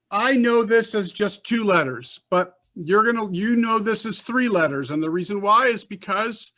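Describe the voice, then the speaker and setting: A man's voice: high-pitched, a bit bright. A man teaching a Hebrew class over a video call, patient and repetitive, often checking whether students follow. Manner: patient, repeats and checks understanding.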